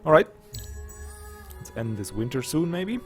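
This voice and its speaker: A man's voice: mid-range voice, big pitch swings, a little slow, music in the background. A man with a German accent, casually commenting on a strategy game and thinking aloud with muttered asides. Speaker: let's play gamer.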